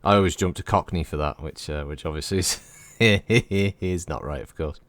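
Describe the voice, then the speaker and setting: Deep-voiced man rambling over gameplay. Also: moderate pace, a bit bright, dry recording. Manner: rambling, chatty, swears freely. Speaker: streamer. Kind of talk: casual gameplay commentary.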